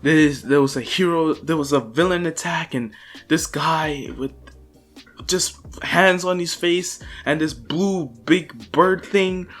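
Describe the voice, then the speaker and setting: A man's voice: a little high, slow pace, fairly bright tone. A young man casually improvising a fan story, rambling with fillers and restarts. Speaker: channel host.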